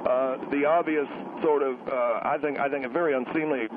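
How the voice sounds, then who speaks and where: A man guesting on a radio call-in show, combative and quick to take offense. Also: mid-range voice, steady tone. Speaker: newspaper columnist guest. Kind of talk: talk radio phone-in. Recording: tinny noisy phone line.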